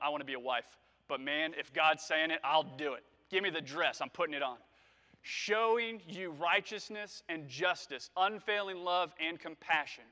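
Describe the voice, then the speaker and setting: A man preaching a sermon to his congregation, animated and conversational, joking as he reads and explains scripture. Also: a little high. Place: church sanctuary. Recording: preached in a church hall with long reverb.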